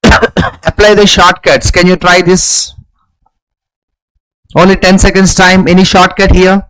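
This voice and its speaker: Tutor, man, high voice, repeats phrases as drills, clears throat often. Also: level tone, takes it slowly, fairly bright tone, low-quality recording. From India. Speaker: English teacher. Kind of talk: live online exam-prep lesson.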